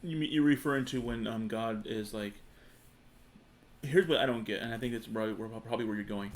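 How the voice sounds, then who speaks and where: A man's voice: mid-range voice, moderate pace, a little hiss or hum. A man co-hosting a casual podcast, reading scripture aloud and then commenting on it in an agreeable, plain way. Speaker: podcast co-host.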